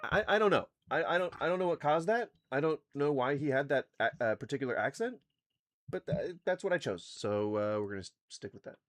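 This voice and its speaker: A man's voice: on the high side, animated, brisk, fairly bright tone. Profane, ranting male streamer. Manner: ranting, swears often, laughs a lot. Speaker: streamer reacting to videos. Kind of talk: casual profane commentary.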